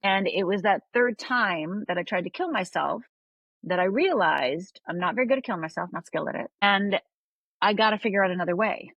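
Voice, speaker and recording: A woman's voice: medium pitch, animated, fairly quick, a bit bright, no room sound, highs cut off. An older woman from Upper Michigan, a podcast guest telling a personal story candidly and often asking "right?". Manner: candid, confiding, checks in with tag questions.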